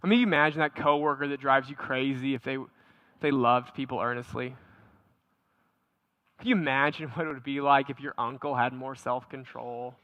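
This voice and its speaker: A pastor preaching a conversational sermon, animated, often repeating words and asking the congregation questions. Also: male voice, mid-range voice, moderate pace, no room sound, muffled recording.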